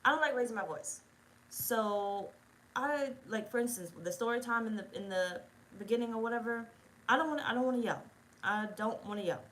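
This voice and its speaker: A woman's voice: a little high, a little fast, fairly bright tone, poor audio. Female tarot reader, loose and profane, keeps checking in with the audience. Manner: rambling, profane, talks straight to viewers. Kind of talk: casual spoken tarot reading.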